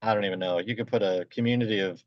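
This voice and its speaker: A man speaking as a guest on a video call, easygoing and halting as he talks. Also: lowish voice, fairly even intonation, no echo. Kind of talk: casual chat. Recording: dull dry video-call audio.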